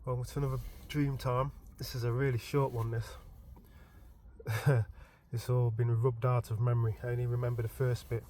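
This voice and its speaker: A man casually telling a story from his dream as a vlogger, animated and informal, often stumbling and restarting his words. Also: medium pitch, moderate pace, slight background noise. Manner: animated retelling with frequent stammered restarts; informal and chatty.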